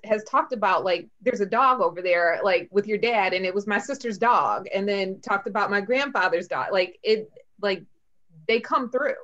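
A woman hosts a podcast, chatting casually and hesitantly with lots of fillers. Her voice is mid-range and a bit bright, her pace moderate, and the recording has a dull lo-fi sound.

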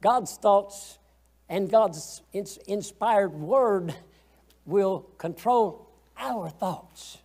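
A man's voice: sits high, very slow, darkish tone. A man teaching a Sunday school lesson, folksy and colloquial, asking the class questions as he goes.

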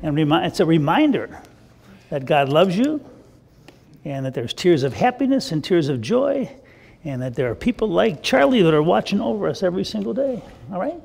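Older pastor with a gravelly voice. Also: male voice, high-pitched, sing-song, moderate pace, big-room sound. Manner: warm, playful, chatty with children. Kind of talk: children's sermon storytelling. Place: church sanctuary.

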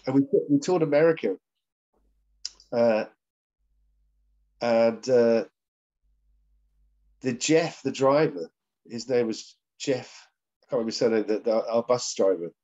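Speaking at a measured pace and pausing often, a man with a mid-range, slightly mellow voice shares meandering stories as a session drummer guest. The casual interview happens over a video call, full of fillers and laughs, with a dull lo-fi recording.

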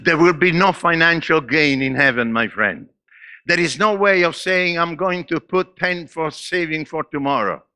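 A man in his eighties with a foreign accent, preaching a sermon in church with laughs and sudden swings between loud and quiet. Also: a little high, normal speed, no echo. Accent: non-native English. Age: 80s. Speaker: pastor.

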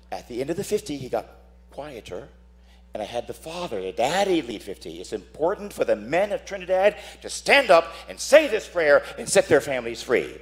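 A man who is a priest, preaching a dramatic sermon, telling stories and acting out voices while asking "Amen?". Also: a little high.

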